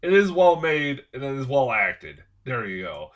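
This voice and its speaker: A man's voice: medium pitch, very animated, unhurried. A man giving a casual film review, ranting in an angry, profane, exasperated way. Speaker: movie reviewer.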